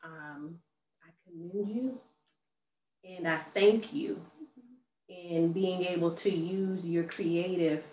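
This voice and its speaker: A woman host speaks in a low, unhurried voice, affirming her guest with soft murmurs. The sound is roomy and heard from a distance, with a faint hiss underneath. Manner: slow, affirming, many soft murmurs of agreement. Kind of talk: supportive interview chat. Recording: roomy echo, distant mic, faint noise.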